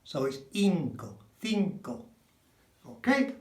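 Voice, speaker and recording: A middle-aged man from England teaching Spanish pronunciation, slow and emphatic, repeating sounds to demonstrate them. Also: high voice, big pitch swings, darkish tone. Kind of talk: spoken language lesson. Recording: echoey room.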